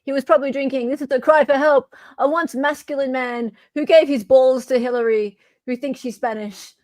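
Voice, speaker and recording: A woman's voice: sits high, fairly even intonation, fairly quick, darkish tone, dry recording. Woman podcaster, blunt n mocking, casual chat, dry close sound. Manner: blunt, mocking, laughs often. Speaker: podcast host.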